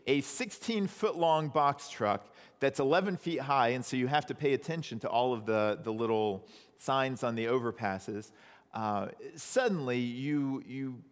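Male pastor with a relaxed, chatty preaching style and a lively, bouncing voice, recorded in a hall with long reverb. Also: medium pitch. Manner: conversational, animated storytelling. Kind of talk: sermon.

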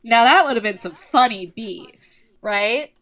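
A young woman co-hosting a podcast, chatting casually and gossiping with quick asides. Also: a little high, animated, crowd noise. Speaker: podcast co-host. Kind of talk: casual chat.

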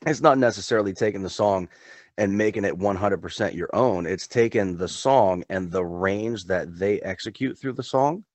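Deep-voiced guy rambling on a podcast, super chill, dry close sound. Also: moderate pace, no echo. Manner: rambling, laid-back, with chuckles. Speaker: podcast co-host. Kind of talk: casual chat.

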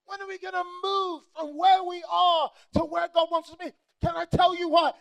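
A man preaching a sermon with passion, breaking into shouts and mimicking people to make his points. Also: very high voice, little pitch movement, normal speed, creaky.

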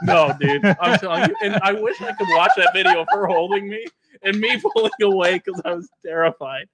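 A man's voice: sits high, a little fast, a crowd in the background. A young man telling a story in a casual chat, acting out the quotes and laughing often. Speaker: storyteller guest.

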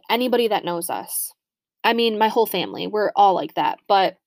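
A woman's voice: mid-range voice, no room sound. A young woman telling personal stories in a casual, candid chat. She talks freely and swears often. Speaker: podcast host.

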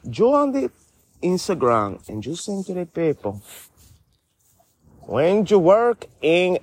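A man's voice: on the high side, slight background noise. A man voicing a brash middle-aged character with a Spanish-inflected English accent who calls everyone honey and rambles in street slang. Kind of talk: comedy sketch dialogue.

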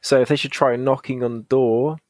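A man's voice: medium pitch, steady tone, brisk, darkish tone, dry recording. A British man hosting a podcast, reading a gamebook aloud and joking with guests. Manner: playful, jokey. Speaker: host and game reader. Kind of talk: casual podcast chat and read-aloud narration.

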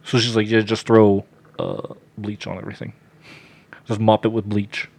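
A man's voice: lowish voice, normal speed, vocal fry. Man swearing through a wild story. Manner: profane, animated storytelling with loud acted-out quotes. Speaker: podcast guest telling a story. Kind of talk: casual podcast chat.

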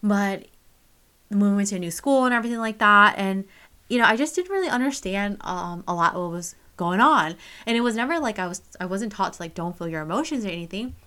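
A woman's voice: medium pitch, expressive, fairly quick, a bit bright. A young woman telling a personal story straight to camera, candid and casual, swearing freely and full of fillers. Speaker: vlogger.

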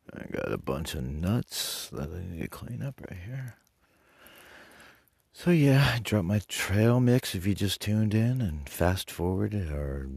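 Profane solo radio host from Detroit; very deep, husky, slow-talking man. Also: dry recording. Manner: profane, rambling, mock-insulting the audience. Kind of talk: crude rambling solo radio talk.

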